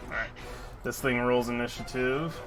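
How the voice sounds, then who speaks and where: A man's voice: medium pitch, steady tone, normal speed, over music. A man narrating a live tabletop game as dungeon master, rambling with many fillers and restarts.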